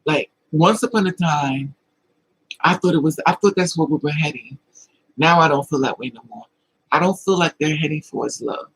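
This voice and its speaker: A man's voice: a little high, normal speed, gravelly, fairly bright tone, breathy edge, poor audio. A man hosting a livestream, telling personal stories with emotion and replying to chat comments in a confiding way. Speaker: livestream host. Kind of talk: casual livestream talk, answering chat.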